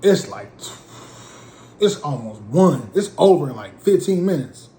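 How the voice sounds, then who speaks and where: A man from Portland telling a comic story in an animated, slangy way. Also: a little high, a little slow. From Portland, USA. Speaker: comedic storyteller. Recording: roomy with faint ambience.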